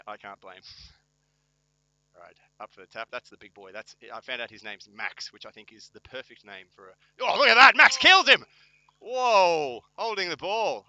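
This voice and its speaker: A man's voice: lowish voice, pushed and bright, no echo, highs cut off. A man giving joking amateur commentary at a local football match, wry, self-mocking and teasing his co-host.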